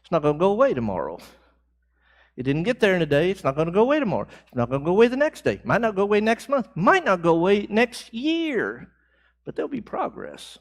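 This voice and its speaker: A fairly high-voiced man teaches a church Bible class in an easy, conversational way. He keeps asking the room questions and answering back, and his voice rises as he presses a point home. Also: huge pitch swings, fast talker.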